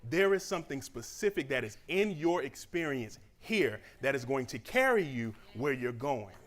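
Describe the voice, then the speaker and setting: A man from Southeast Georgia, giving a lively, conversational motivational speech at a church graduation celebration. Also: mid-range voice, moderate pace. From Southeast Georgia, USA. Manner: animated and conversational, acting out quoted voices.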